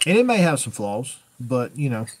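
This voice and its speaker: A man's voice: mid-range voice, sing-song, normal speed. Folksy man hosting a live Q&A. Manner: folksy, rambling, plainspoken. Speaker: host answering viewer questions. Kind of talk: casual live-stream Q&A.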